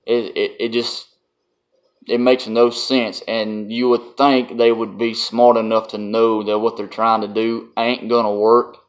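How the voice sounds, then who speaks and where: A man's voice: on the low side, flat delivery, slow. A man, telling a casual vlog story in a blunt, folksy way and laughing often. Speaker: vlogger.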